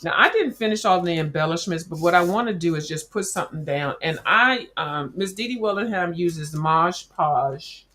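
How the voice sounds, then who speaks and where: A woman chats loosely with her viewers while she works on a craft project. Her voice sits a little low, and her talk is rambling and full of slang as she addresses everyone as y'all. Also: expressive, moderate pace, few pauses, a bit bright. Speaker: crafting livestream host. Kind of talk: casual chat while crafting.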